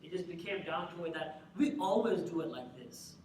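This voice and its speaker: A young man giving a lively religious talk, often firing questions at his audience. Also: a little high, normal speed, slight background noise. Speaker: lecturer. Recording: echoey hall, mic at a distance.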